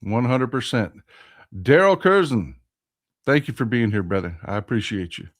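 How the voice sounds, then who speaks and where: A man's voice: mid-range voice, animated, moderate pace. Emphatic Texan man hosting a livestream. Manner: emphatic, repeats phrases for stress; reads viewer comments aloud and answers them. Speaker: livestream host. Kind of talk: casual political livestream commentary.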